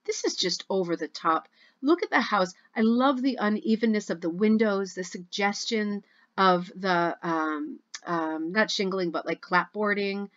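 A woman's voice: medium pitch, unhurried, fairly bright tone. Chatty gushing lady going on about craft posts at home, kinda dull muffled sound. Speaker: rug hooking club host. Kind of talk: casual chat reviewing social media posts.

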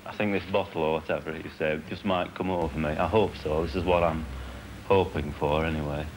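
A man's voice: a bass voice, fairly even intonation, brisk. A modest, hesitant man, an amateur wrestler, talking about his first fight. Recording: noisy 1980 TV documentary sound.

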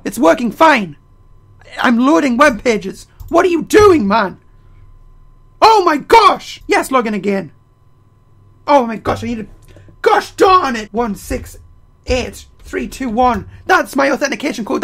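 A man giving casual game commentary while playing, excitable and prone to loud outbursts, his throat getting strained. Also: very high-pitched, vocal fry. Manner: excitable, bursts into loud yelling. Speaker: let's play gamer.

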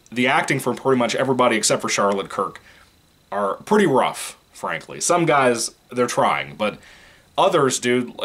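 A man's voice: mid-range voice, a bit bright. A man from Virginia giving a casual, rambling movie review, frank and profane, often breaking into laughter.

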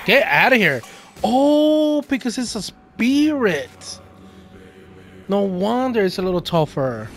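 Excitable high-voiced man gaming. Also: slow pace. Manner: excitable, swearing, laughing often. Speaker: gaming channel host. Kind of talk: casual gameplay commentary.

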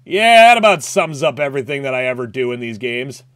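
An excitable man talks his way through a retro game, his voice swooping up and down. He swears freely and yelps when things go wrong, mixing casual chatter with loud outbursts. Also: mid-range voice, fairly quick, no room sound. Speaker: gaming YouTuber. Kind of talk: let's play commentary.

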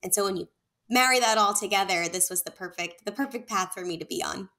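A woman at a middle pitch, speaking as an etiquette expert. Her answers come out poised and gracious, measured and considered as she explains what good manners call for. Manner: poised, warm-toned advice, measured and gracious. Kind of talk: interview answers.

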